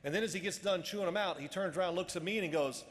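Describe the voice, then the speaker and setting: A man's voice: sits high, racing, noisy background. Man telling stories in a reverberant hall. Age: 50s. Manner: animated, acts out quoted dialogue. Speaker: after-dinner speaker. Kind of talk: storytelling speech. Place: banquet hall.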